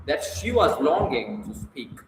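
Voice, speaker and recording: A man narrating a classic novel aloud in a live reading, measured and expressive. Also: on the high side, background noise. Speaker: reader. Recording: roomy live room with reverb.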